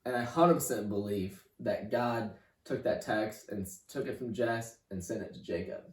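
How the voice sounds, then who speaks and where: A young man giving a personal faith testimony as a podcast guest, halting and repeating himself, leaning on "like" and "you know". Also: lowish voice, darkish tone, far from the mic. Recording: roomy room, voice off-mic.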